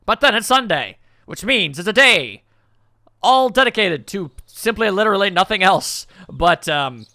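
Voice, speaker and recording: A man's voice: high voice, very animated, moderate pace, sharp tone, dry recording. A man commenting casually on a game he plays, joking and rambling in asides. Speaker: let's play commentator.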